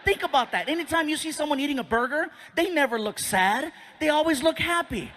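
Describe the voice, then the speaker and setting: A male stand-up comedian telling an animated story on stage and acting out other people's voices. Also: very high-pitched, a little fast, few pauses, slight background noise.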